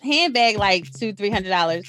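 A woman's voice: mid-range voice, lively intonation, normal speed, a bit bright. A woman co-hosting a casual podcast, telling a story in a laid-back, slangy way with laughs. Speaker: podcast co-host. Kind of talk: casual chat.

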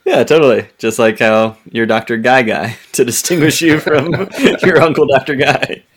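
A woman's voice: very deep voice, moderate pace. A woman from Kentucky co-hosting a podcast, teasing and laughing a lot. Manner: giggly, teasing. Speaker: podcast co-host. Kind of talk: casual podcast chat.

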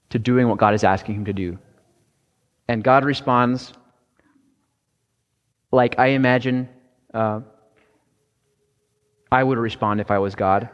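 A man's voice: medium pitch, highs cut off. Man preaching with heavy hall reverb. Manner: conversational, halting with restarts and fillers. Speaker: pastor. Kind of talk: sermon.

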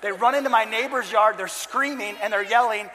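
Animated storytelling pastor, high voice. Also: male voice, fairly quick, slight background noise. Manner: animated, self-mocking, acts out quotes and shouts at peaks. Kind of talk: storytelling sermon. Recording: long hall reverb.

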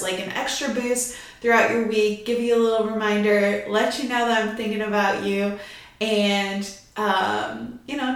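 A woman's voice: mid-range voice, very echoey. A young woman hosting her lifestyle podcast in a chatty, bubbly way, a little out of breath and laughing often. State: a bit out of breath. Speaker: podcast host. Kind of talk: casual podcast chat.

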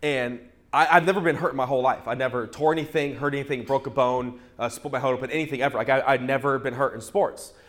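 A male pastor preaching a sermon through a humorous, animated personal story, often restarting his words. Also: mid-range voice, fast talker.

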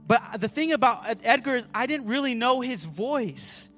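A pastor preaching with fervor in a very high voice, calling out to his listeners and stumbling over repeated words as he goes. Soft music plays faintly behind him. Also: animated, normal speed. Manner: fervent, calls out to the congregation; repeats words and restarts often. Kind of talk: sermon.

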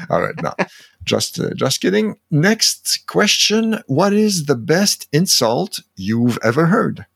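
A man hosting a casual interview, relaxed and quick to laugh. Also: on the high side, creaky, husky, no echo, clean studio sound. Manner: relaxed, laughs easily, brief backchannels. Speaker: host.

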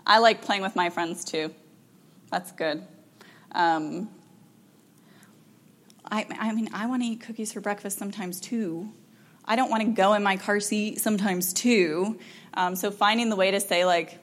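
A woman counselor giving an informal talk to parents, chatty and animated, with frequent ums and laughs, acting out what parents and children say. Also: mid-range voice, unhurried, pauses often. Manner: animated, acts out quoted parent and child lines.

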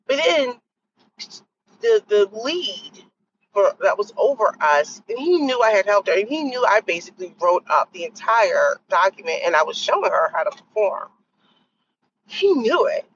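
Animated exasperated woman telling a story. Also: normal speed. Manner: animated, exasperated, quoting others in lowered voices. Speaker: podcast host. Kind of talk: casual storytelling monologue. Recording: dull lo-fi sound with faint noise.

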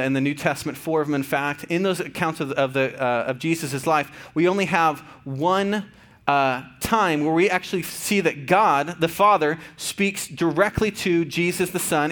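A man in his thirties, a pastor giving a conversational, earnest sermon with fillers and restarts, going soft and quiet at tender points. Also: on the high side. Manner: drops to soft, quiet tones for tender moments.

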